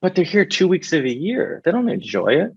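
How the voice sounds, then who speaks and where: A man's voice: a little high, very animated, fairly quick, vocal fry, breathy edge, no echo. A middle-aged man from New York, a coach talking reflectively as a podcast guest and often tagging "right?" onto his points. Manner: reflective, keeps adding "right?". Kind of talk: casual podcast interview. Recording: dull, dry podcast sound.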